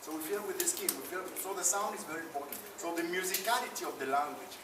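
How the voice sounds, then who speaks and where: A man with a high-sitting voice and a quick pace, an actor on a debate panel, argues passionately and repeats phrases for emphasis. He's in a conference room at a film festival, caught by a distant mic in a roomy, noisy space.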